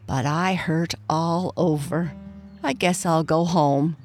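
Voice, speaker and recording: A woman's voice: low voice, steady tone, slow, darkish tone, soft background music. Woman voicing Lightfoot, a sore young billy goat. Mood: relieved. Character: young male goat, bruised and sorry.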